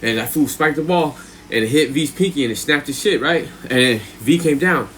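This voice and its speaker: A man's voice: on the high side, moderate pace, a bit bright, a little hiss or hum. Man telling a story, rambling and profane. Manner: profane, rambling, with frequent "right?" and "you know what I'm saying". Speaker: livestreamer. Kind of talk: casual storytelling on a live stream.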